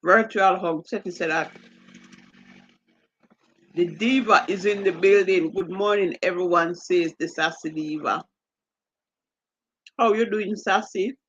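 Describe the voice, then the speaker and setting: A woman's voice: lowish voice, unhurried, long pauses, a bit bright, slightly rough, muffled recording. A woman with a Jamaican accent hosting a live stream, reading out viewer comments and greeting each viewer by name. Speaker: livestream host.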